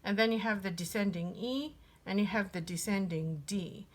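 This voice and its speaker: A woman's voice: medium pitch, moderate pace. A woman giving a casual piano lesson, thinking aloud with many fillers and restarts. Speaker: piano teacher.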